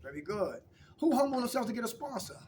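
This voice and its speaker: A man's voice: very high-pitched, sing-song, fast talker, darkish tone, distant mic, slight background noise. A man leading a recovery meeting, coaching the group with call-and-response questions.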